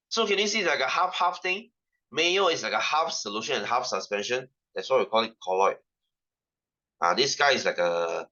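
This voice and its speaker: Bright-voiced Singaporean English tutor. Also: male voice, medium pitch, muffled recording. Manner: repetitive, rhetorical questions, ranting asides. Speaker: science tutor. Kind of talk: online class teaching.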